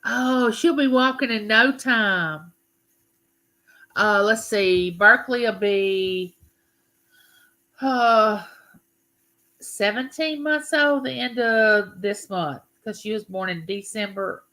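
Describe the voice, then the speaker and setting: A woman's voice: medium pitch, slow, pauses often, bright, forceful tone. A woman hosting a casual live stream, chatting and greeting her viewers by name. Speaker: livestream host.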